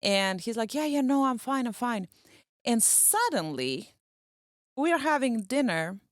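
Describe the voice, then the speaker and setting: A middle-aged woman co-hosting a podcast, telling a story with animated, acted-out dialogue and teasing. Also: a little high, unhurried, no room sound, clean studio sound. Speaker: podcast co-host. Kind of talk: casual storytelling chat.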